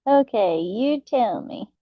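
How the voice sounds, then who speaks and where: A young adult woman, hosting a late-night live chat, talking softly and laughing often. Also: on the high side, animated, no room sound, narrow, tinny audio. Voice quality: soft, slow, laughs often. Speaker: channel host reading live chat.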